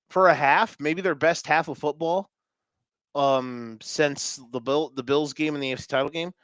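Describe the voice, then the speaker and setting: A man's voice: medium pitch, a bit bright, smooth, no room sound, clean studio sound. A man co-hosting a sports podcast, talking energetically and joking in casual chat. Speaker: podcast co-host.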